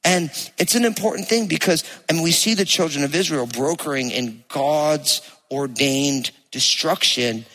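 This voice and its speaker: Jersey accent pastor preaching, bright forceful voice kinda high, big echoey church hall. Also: male voice, normal speed, few pauses. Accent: New Jersey. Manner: conversational, animated preaching. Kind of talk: sermon with scripture reading. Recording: long hall reverb.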